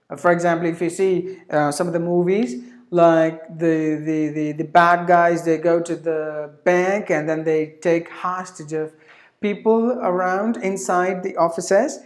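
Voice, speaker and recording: Woman teaching pronunciation, echoey room. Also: on the low side. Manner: repeats each word slowly several times, with filler sounds. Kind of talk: pronunciation lesson.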